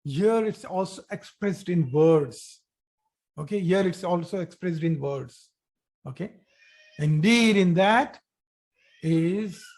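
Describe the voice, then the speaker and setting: A man teaching an online Arabic lesson, repeating key phrases, often checking in with "okay" and restarting his sentences. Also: sits high. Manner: repeats phrases slowly for emphasis, addresses students directly.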